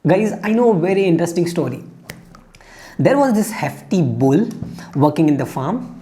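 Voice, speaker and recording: A man's voice: high voice, a little mellow. A man giving an earnest, emphatic motivational talk, telling a fable to make his point. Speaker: motivational speaker.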